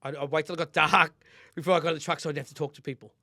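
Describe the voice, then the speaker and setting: An Australian man co-hosting a podcast, telling a personal story in candid casual chat, swearing constantly and rambling from quiet mutters to loud bursts. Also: a little high, fairly even intonation, very fast, no room sound, studio quality. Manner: drops quiet then bursts louder. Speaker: podcast co-host.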